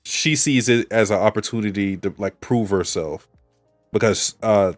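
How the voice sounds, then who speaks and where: A man's voice: lowish voice, normal speed, no room sound, soft background music. A man co-hosting a podcast, casually analyzing an anime episode and thinking aloud with restarts. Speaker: podcast co-host.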